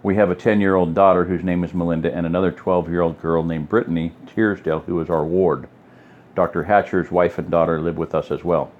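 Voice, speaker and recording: A man's voice: sits low, steady tone, brisk, phone-quality sound, natural voice. A man voicing a wary, hesitant family man in an audiobook reading. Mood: plain.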